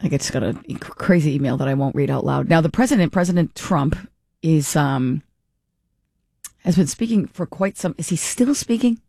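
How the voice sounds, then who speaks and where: A woman's voice: deep voice, lively intonation, moderate pace, creaky, warm tone, dry recording. Chatty woman radio host, dry studio sound. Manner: chatty, laughs often, self-interrupting. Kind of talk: call-in radio talk.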